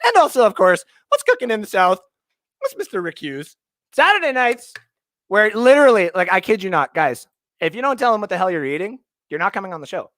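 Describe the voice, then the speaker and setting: A young Canadian man hosts a casual livestream from his home basement, reading viewer comments in a rambling, jokey way. His voice is high, very animated, fairly quick, and a bit bright, recorded at studio quality with no room sound.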